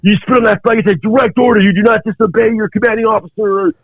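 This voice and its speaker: A man voicing a harsh, domineering male Marine drill instructor who shouts orders. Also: fairly high pitch, a little fast, dry recording, voice pushed up. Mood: shouting. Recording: dull, dry podcast audio.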